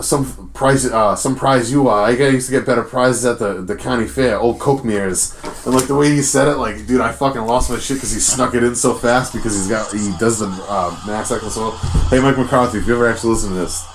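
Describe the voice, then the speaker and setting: A man's voice: lowish voice, slight background noise. A young man with a Rhode Island accent hosting a casual podcast, talking in a rambling, profane way full of fillers. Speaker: podcast host.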